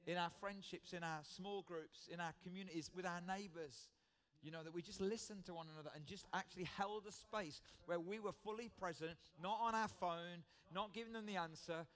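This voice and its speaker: A man's voice: high voice, fairly bright tone. A British man preaching a sermon in church, earnest and conversational, often repeating his key phrases.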